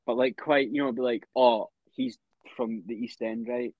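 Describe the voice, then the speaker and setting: A young man with a Scottish accent, co-hosting a podcast, talking fast and running his words together. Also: mid-range voice, fairly even intonation, no echo, narrow, tinny audio. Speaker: podcast co-host. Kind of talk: casual chat.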